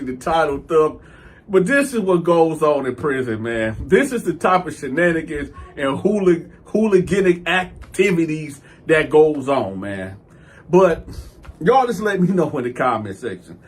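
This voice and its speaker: A man hosting his own channel, telling a story in an animated, slangy way. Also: fairly high pitch, a little slow. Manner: animated, slangy, acts out sounds. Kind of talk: casual storytelling.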